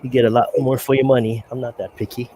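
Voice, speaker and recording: A man with an average-pitched voice chats casually, often pausing and restarting with fillers. The talk is relaxed and unscripted. Faint background hum is audible. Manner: chatty, halting, with many fillers. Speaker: stream guest. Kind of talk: casual live-stream chat.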